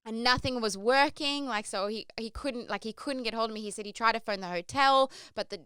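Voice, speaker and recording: Fairly high-pitched, bright and pushed, a young woman's voice moves a little fast as she chats through a travel story on her podcast. She acts out quotes and uses "like" a lot, and the sound is clean with no echo.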